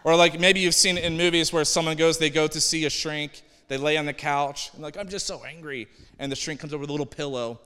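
A man's voice: a little high, level tone, fast talker, hardly any pauses, sharp tone, smooth. A man preaching a conversational sermon as a pastor, acting out the people he quotes. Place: church sanctuary. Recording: long hall reverb.

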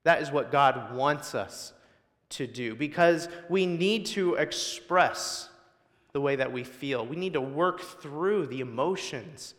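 Man preaching, slightly high voice, emphatic and repetitive, long church reverb. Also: lively intonation, takes it slowly, a bit bright. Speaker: guest preacher. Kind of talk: sermon. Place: church sanctuary.

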